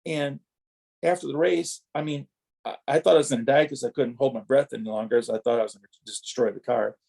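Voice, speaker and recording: A man's voice: mid-range voice, quick pace, creaky, husky. A middle-aged man from Wisconsin, a former racer, telling rambling racing stories as a podcast guest and acting out the exchanges he quotes. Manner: animated anecdotes, acts out quoted exchanges. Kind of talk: rambling storytelling.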